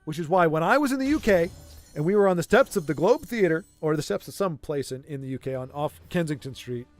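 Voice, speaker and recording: Rambling streamer, fairly high voice. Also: male voice, expressive, a little fast, faint music behind. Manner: rambling, playfully argumentative, many restarts. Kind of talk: casual chat with a livestream audience.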